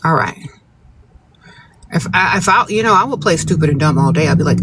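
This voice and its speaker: High-pitched guy on a phone livestream, blunt sassy advice, faint hum behind. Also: expressive, a little fast, pauses often. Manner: blunt, sassy, no-nonsense, talks straight to viewers. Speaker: advice-giving livestream host. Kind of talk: casual live advice chat reading viewer questions. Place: outdoors, birds nearby.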